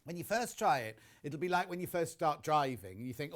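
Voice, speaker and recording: A man's voice: on the high side, expressive, moderate pace, few pauses. A man presenting a live television shopping demonstration in a TV studio, chatty and enthusiastic, talking straight to viewers.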